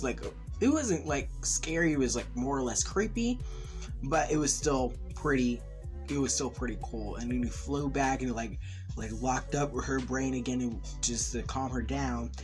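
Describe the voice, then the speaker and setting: A man casually recapping and reviewing a TV episode, rambling with lots of "like" and excited fan enthusiasm. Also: medium pitch, moderate pace, faint music behind. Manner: rambling, heavy use of "like". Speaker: TV series reviewer.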